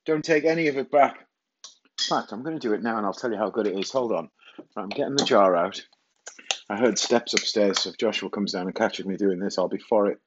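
A man's voice: lowish voice, fairly quick, muffled recording, background noise. A middle-aged man hosting a rambling solo podcast from his kitchen, self-mocking and casually swearing. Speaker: podcast host. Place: home kitchen.

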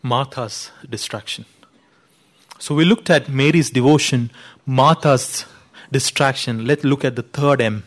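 A man with a high voice delivers a sermon. He teaches earnestly, often leaning on "you know" and lifting his voice to stress key words. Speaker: preacher.

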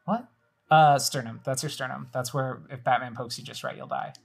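Woman podcast host, low husky voice, casual, talks through the whole game on screen. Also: steady tone, moderate pace, faint music behind. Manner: chatty, narrates everything on screen. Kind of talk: casual chat while playing a video game.

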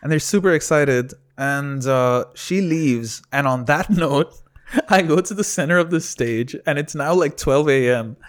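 A man tells a funny story in a relaxed chat, with a slightly high voice. He laughs often and slips into put-on voices for the people he quotes. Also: a little slow. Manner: animated, laughing storyteller who acts out quotes. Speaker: comedy producer and comedian.

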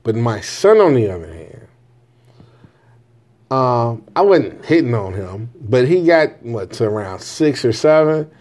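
Very animated yet measured, this mid-range, darkish male voice belongs to a father in his forties giving his views on parenting in a casual to-camera monologue. He tells his child-rearing story bluntly, with swearing and repeated "right?" checks on the listener.

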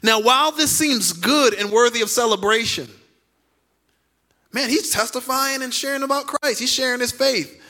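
A man's voice: very high-pitched, normal speed, sharp tone. A male pastor preaching a sermon emphatically, repeating key lines and acting out quoted voices.

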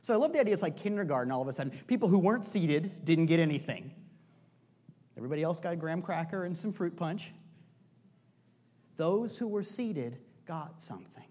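A pastor preaching a sermon in a conversational, joking way, asking rhetorical questions again and again and sometimes dropping to a soft, hushed delivery. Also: mid-range voice, expressive, fairly quick.

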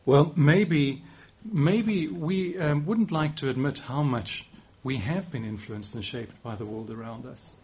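A man's voice: mid-range voice, measured pace, few pauses, darkish tone, slightly rough. A man in his forties with a South African accent, giving a conversational sermon with occasional restarts and light self-deprecating humor. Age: 40s. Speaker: preacher.

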